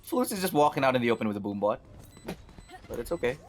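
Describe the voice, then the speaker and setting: A man's voice: mid-range voice, fast, a little hiss or hum. Wry male esports caster. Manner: wry, deadpan jokes. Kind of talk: play-by-play commentary and banter.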